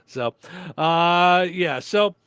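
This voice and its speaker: Chatty high-voiced man radio host. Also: extremely slow, smooth, no room sound, clean studio sound. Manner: relaxed, chatty, lots of fillers. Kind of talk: casual radio chat.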